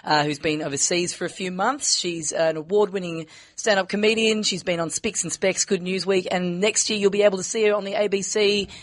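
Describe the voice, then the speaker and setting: A man's voice: high-pitched, steady tone, a little fast, hardly any pauses. An Australian man co-hosting a comedy podcast in a studio, teasing and laid-back. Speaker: podcast co-host. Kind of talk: casual comedic chat.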